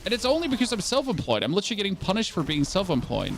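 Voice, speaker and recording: A man's voice: sits high, huge pitch swings, racing, fairly bright tone, a little hiss or hum. A man from Germany with a German accent, chatting sarcastically to his stream chat while playing a game. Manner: sarcastic, rambling, talking to chat. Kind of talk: casual live-stream chat while gaming.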